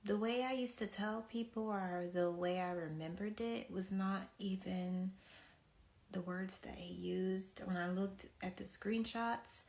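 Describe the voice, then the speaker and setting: A woman with a gravelly, fry-heavy voice tells a personal story. She is blunt and candid and often pauses on fillers as she talks. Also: medium pitch. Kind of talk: casual storytime.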